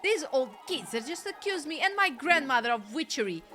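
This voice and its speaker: A woman's voice: high voice, very animated, a little fast, sharp tone. A woman streamer making playful, jokey asides while playing a game. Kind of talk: casual game commentary. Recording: game music playing behind.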